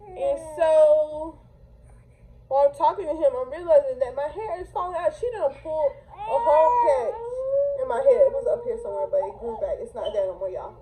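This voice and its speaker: High-voiced woman telling a storytime. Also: brisk, slight background noise, rough recording. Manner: animated, slangy. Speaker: vlogger. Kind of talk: storytime vlog.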